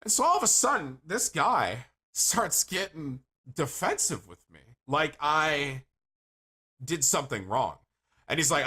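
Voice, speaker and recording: A man livestreaming, telling rambling stories to his chat in a casual, animated way and swearing freely. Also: fairly high pitch, measured pace, breathy edge. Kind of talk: casual storytelling to stream chat.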